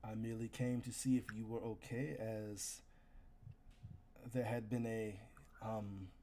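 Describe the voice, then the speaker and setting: A man's voice: on the low side, level tone, dark tone, a little hiss or hum, voice pushed down. Man playing a stiff, formal guilt-ridden warrior. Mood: awkward. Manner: formal, stiff, halting speech.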